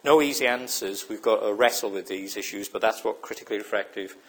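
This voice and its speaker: A man's voice: on the low side, brisk. A man giving a lecture in a reflective, hesitant way, often asking his listeners whether they follow. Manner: reflective, checks understanding with repeated questions; hesitant, many fillers and restarts. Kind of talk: recorded lecture.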